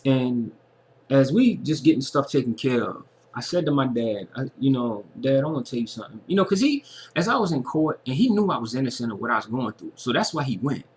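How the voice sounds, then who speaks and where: A man's voice: mid-range voice, big pitch swings, a little fast, slight background noise. Earnest man talking to camera. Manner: earnest, repeating phrases for emphasis. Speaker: vlogger. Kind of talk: casual personal monologue.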